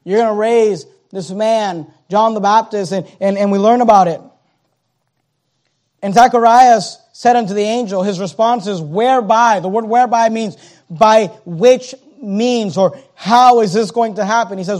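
High-voiced dramatic preacher, a man. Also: a little slow. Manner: dramatic, acts out the scripture characters; swings from hushed to shouting. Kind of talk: sermon.

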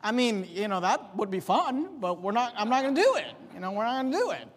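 A man preaching a sermon as pastor, emphatic, with sharp rises and drops in his voice for effect. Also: sits high, sing-song, fast, in a large hall.

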